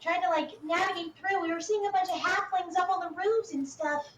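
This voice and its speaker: A tabletop game player recounting events in a rambling, hesitant way. The voice is very high and sounds set back from the mic. Faint room noise sits underneath. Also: steady tone, a little fast, fairly bright tone, echoey room, distant mic.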